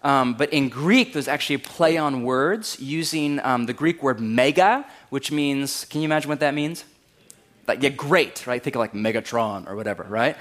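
A man, preaching a conversational sermon in a wry, animated way and raising his voice to act out quotes. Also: mid-range voice, normal speed. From California. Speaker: pastor.

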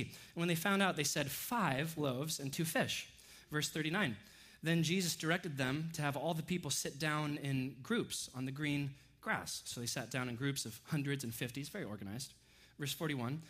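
A man preaching a sermon, animated and sarcastic as he acts out the disciples' lines. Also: on the high side, normal speed. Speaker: pastor.

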